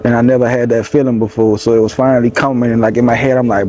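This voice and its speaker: A man's voice: medium pitch, level tone, fast talker, a little mellow. A young man with a Louisiana accent, a rapper telling a personal story in a casual interview, loose and rambling, full of "you know what I'm saying". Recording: faint background noise.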